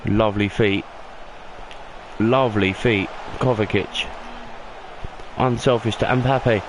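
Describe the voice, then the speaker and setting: A young man doing excitable play-by-play football commentary over a video game he is playing. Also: slow pace, background noise. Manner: excitable play-by-play, rising in pitch on big moments. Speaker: gaming YouTuber.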